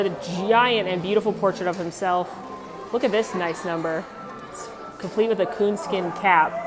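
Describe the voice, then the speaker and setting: A young woman walks through a park talking into a handheld camera mic, chatty and bright in her delivery. Her pitch sits in an ordinary middle range, and faint music plays behind her outdoors. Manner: chatty, upbeat, full of trivia. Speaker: vlog host touring a theme park. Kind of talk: casual walking tour vlog.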